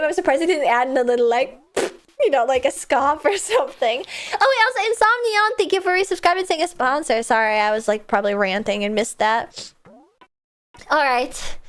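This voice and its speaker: A woman streaming a video game, chatting excitedly and casually, swearing now and then. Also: high-pitched. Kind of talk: casual gameplay livestream chat. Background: faint game music.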